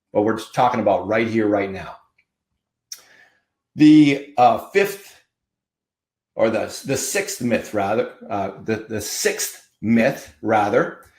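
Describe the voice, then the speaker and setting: A man's voice: medium pitch, roomy sound. A man hosting a podcast as a marketing coach, giving a fiery, preachy motivational talk full of punchy repeated slogans.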